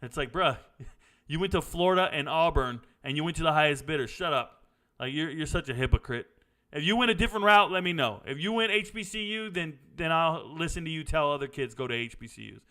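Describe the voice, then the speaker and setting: Middle-aged male sports host, bright and a bit high voice, blunt and opinionated, casual Q&A. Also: animated, brisk. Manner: blunt, opinionated, drifts into stories. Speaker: sports commentary host answering viewer questions. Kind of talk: casual live Q&A chat.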